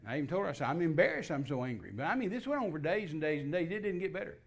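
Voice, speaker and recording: Older guy, kinda high voice, folksy story, keeps restarting and acting out what folks said. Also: racing, creaky. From Texas. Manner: folksy, repetitive restarts, animated quoting of dialogue. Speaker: guest minister. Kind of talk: personal testimony storytelling.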